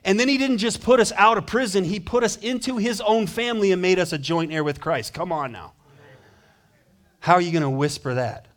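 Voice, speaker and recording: A male pastor preaching a sermon, animated, acting out quoted voices and swinging from loud declarations to hushed, low passages. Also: a little fast.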